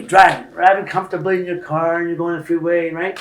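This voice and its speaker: An older man telling stories on a podcast, his slightly high voice getting louder and higher as he drives a point home. The room around him rings with echo, and a faint hiss sits underneath. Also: quick pace. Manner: animated storyteller, rising loud and high when making a point. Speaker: interview guest. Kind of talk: storytelling in a podcast interview.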